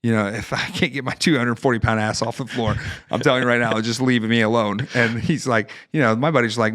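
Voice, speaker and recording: A man from northern Ohio, a Marine veteran guest on a podcast, telling a wild story in a casual, profane, animated way with laughs. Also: mid-range voice, fast talker, few pauses. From northern Ohio, United States.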